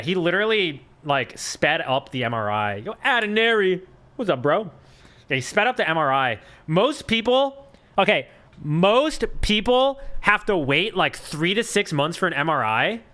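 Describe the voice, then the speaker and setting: A man's voice: fairly high pitch, sharp tone. A young man chatting casually on a live stream, telling a rambling story full of fillers and swearing.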